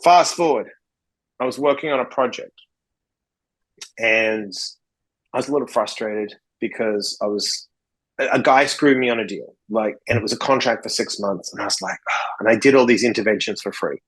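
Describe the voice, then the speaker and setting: A man's voice: mid-range voice, moderate pace, low-quality recording. A man from Australia, a podcast guest, telling stories bluntly and swearing freely as he acts out conversations. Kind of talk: casual interview storytelling.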